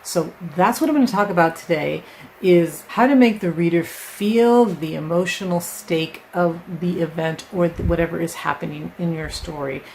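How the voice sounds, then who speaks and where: Low, gravelly-voiced woman teaching writing. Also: normal speed, a little mellow, slight background noise, low-quality recording. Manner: conversational, explains with examples and frequent "right?". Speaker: writing teacher, channel host. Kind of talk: casual instructional talk to camera.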